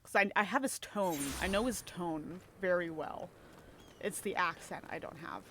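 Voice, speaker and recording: A woman's voice: lowish voice, moderate pace, background noise. A young woman streamer chatting casually while gaming, rambling and self-deprecating, tripping over her words.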